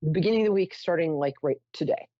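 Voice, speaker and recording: A woman's voice: sits low, quick pace, dark tone, dry recording, muffled recording. A woman hosting a psychic call-in show, telling a story in a chatty, theatrical way with self-mocking asides. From New York. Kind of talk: casual storytelling to callers.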